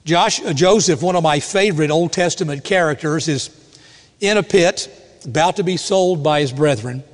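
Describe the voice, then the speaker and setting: A man preaching a sermon with a somewhat high voice. He reads scripture in a measured, deliberate cadence, and the sound carries a long hall reverb. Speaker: pastor.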